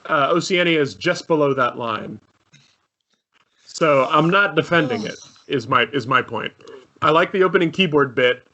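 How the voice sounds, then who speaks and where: This man speaks in a bright, somewhat high voice. He co-hosts a casual music chat and rambles, repeating words as he builds his point. He keeps the tone loose and conversational. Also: expressive, normal speed, lo-fi sound. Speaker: podcast co-host reviewing an album.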